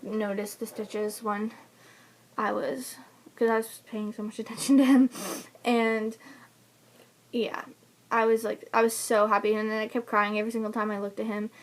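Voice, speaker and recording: A woman's voice: on the high side, level tone, unhurried, pauses often. A young woman casually telling the story of giving birth, chatty and laughing often between fillers. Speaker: new mother telling her birth story. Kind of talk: casual personal vlog storytelling.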